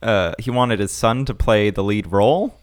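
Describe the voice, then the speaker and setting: A man's voice: lowish voice, moderate pace, dry recording, clean studio sound. A young man co-hosting a casual comedy podcast, joking and rambling through stories. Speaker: podcast co-host.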